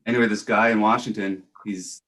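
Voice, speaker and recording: A man's voice: lowish voice, steady tone, a little fast, background noise. A man playing a fake doctor on a satirical talk show, speaking in a mock-serious, pompous way and rambling with frequent restarts.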